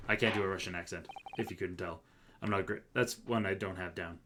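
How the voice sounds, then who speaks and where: A man's voice: low-pitched, fairly even intonation, fairly quick, noisy background. A man streaming a courtroom game live, reading its dialogue aloud and chatting casually between lines. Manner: casual asides that break into stiff courtroom reading.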